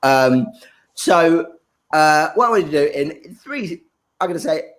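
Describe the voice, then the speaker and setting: A man's voice: fairly high pitch, lively intonation, takes it slowly, fairly bright tone. Guy hosting an online comedy night, jokey and laughing, voice bouncing all over. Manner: chatty, self-mocking, laughs often. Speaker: comedy show host. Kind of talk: online stand-up compering.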